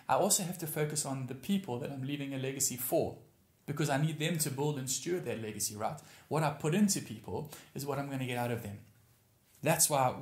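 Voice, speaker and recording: Emphatic pastor in a roomy hall. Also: male voice, medium pitch. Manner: emphatic, repeats key phrases for weight. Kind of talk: sermon.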